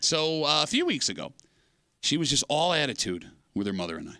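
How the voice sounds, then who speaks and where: A man co-hosting a morning radio show, telling stories and teasing his co-hosts in an animated way. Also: on the high side, a little fast, no room sound, studio quality. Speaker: radio co-host.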